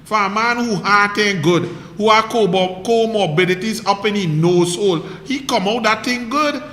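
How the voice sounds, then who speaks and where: A man's voice: high voice, moderate pace, fairly bright tone, roomy sound, in a large hall. A man with a Trinidadian accent giving a heated, mocking political monologue full of rhetorical questions. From Trinidad and Tobago. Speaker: political commentator.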